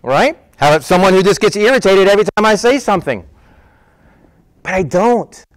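A man's voice: high voice, expressive, normal speed, no echo. A middle-aged man preaching a conversational sermon, acting out the voices of people in his stories. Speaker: pastor.

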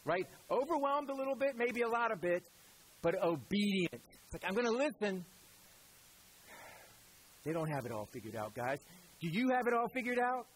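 A man preaching a sermon as pastor, animated and conversational, with a Southern American accent, sometimes dropping to quiet emphatic lines. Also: high-pitched, normal speed, long pauses, breathy edge, rough recording.

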